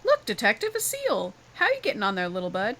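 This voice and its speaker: A woman's voice: medium pitch, big pitch swings, fast, noisy background, close to an everyday voice. A woman reading the lines of a smug, nostalgic male sidekick in a game.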